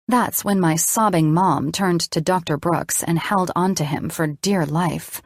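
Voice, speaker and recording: A woman narrating a first-person audiobook in a measured, expressive storytelling voice. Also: on the low side, no room sound, studio quality.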